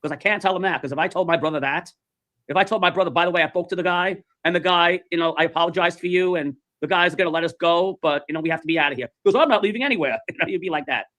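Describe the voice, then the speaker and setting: A man's voice: on the high side, rapid-fire. A man telling a story in casual chat, animatedly acting out the voices of the people in it. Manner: animated, acts out quoted voices.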